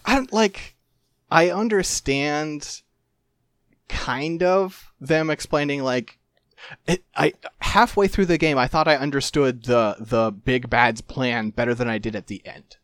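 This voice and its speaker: A man's voice: medium pitch, unhurried, fairly bright tone, no room sound. A man chatting casually about a game, rambling with lots of fillers and amused asides. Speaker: podcast co-host discussing a game. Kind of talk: casual chat.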